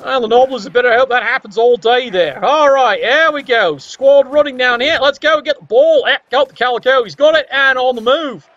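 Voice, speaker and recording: High-voiced sarcastic male commentator. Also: brisk, few pauses, a bit bright, no room sound, highs cut off. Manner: wry, sarcastic asides. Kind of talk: comedic game commentary.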